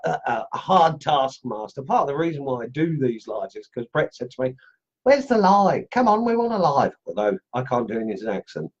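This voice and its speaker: A man's voice: mid-range voice, darkish tone, slightly rough, dull audio. A middle-aged man hosting a live stream for a carving group, chatting casually with plenty of fillers and restarts. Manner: rambling, many fillers and restarts.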